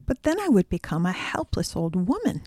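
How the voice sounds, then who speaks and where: A woman voicing a spiteful, defiant old witch in a storybook, with a croaking manner. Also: lowish voice, very animated, moderate pace, darkish tone, no echo. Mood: bargaining.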